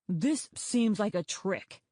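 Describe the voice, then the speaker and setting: A woman's voice: medium pitch, expressive, slow, no room sound, studio quality. A woman voicing a suspicious, petulant male dragon who snaps and argues, in a storybook reading. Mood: dismissive. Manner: suspicious, snappish, shouting.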